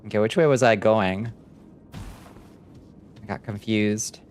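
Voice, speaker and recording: A man's voice: lowish voice, slow pace, a little mellow, a little hiss or hum. A man chatting casually on a live stream, swearing freely and cooing at his cat between remarks.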